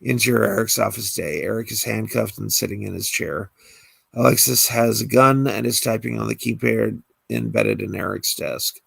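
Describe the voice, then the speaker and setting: A man, a screenwriter, reads the stage directions of his own screenplay aloud in a plain, brisk way. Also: on the low side, gravelly, fairly bright tone, slightly rough, dry recording.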